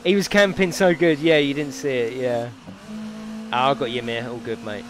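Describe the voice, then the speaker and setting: A man's voice: mid-range voice, fairly even intonation, normal speed, a little hiss or hum. A man streaming a racing game, chatting and joking with viewers and swearing freely over game music. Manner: banters with chat, swears freely. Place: home gaming setup.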